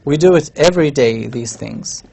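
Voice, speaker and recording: In this university lecture, a man with a mid-range, creaky, darkish voice talks at a normal speed. He works through the material step by step, writing on the board while speaking and frequently checking in with students.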